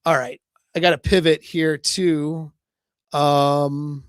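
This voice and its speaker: A man's voice: on the high side, level tone, slow pace, clear, resonant tone, dry recording. Loose-talking male dating coach, dry sound. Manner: casual, loose, many fillers and "right?" tags. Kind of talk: live coaching talk.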